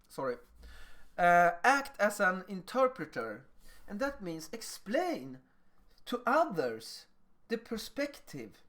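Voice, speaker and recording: A man with a Swedish accent giving a lecture on teaching, animated and acting out little dialogues with children. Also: high voice.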